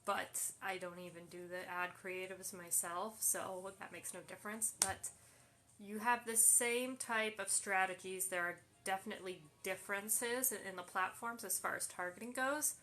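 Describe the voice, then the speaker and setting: A woman's voice: mid-range voice, fairly even intonation, normal speed, sharp tone. A woman hosting a casual live Q&A, reading viewer questions aloud and answering them with plenty of fillers. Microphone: phone livestream.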